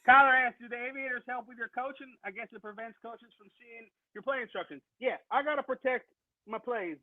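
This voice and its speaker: A man's voice: extremely high pitch, brisk, no echo. A man playing a rambling, boastful folksy football coach with a drawl, improvising live over a video call. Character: folksy blowhard male football coach, middle-aged. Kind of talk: improvised comedy character on a live podcast. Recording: dry tinny video-call audio.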